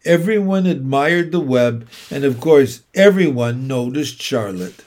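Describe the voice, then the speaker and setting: Slow, deliberate man reading a storybook. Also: mid-range voice, lively intonation, a little mellow. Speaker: narrator. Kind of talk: reading a children's book aloud.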